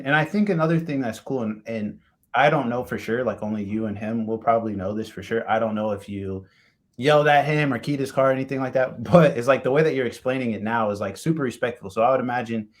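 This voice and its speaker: An American man hosting a casual interview, animated and jokey, often mimicking other people's voices. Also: mid-range voice. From United States. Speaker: podcast host.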